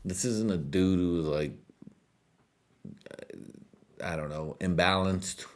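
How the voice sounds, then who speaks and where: Deep-voiced, rambling, stoned male podcast host. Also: a little slow. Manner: rambling and crude, with bursts of laughter. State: high on edibles. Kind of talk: rambling comedic monologue.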